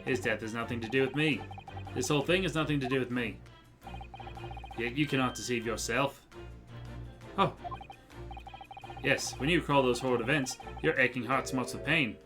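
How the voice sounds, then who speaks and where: A theatrical, eccentric detective , read out by a man in his own everyday voice, holding forth with grand flair. He declaims in a mid-pitched male voice. Game music plays clearly behind him. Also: moderate pace, long pauses, natural voice. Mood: grandiose.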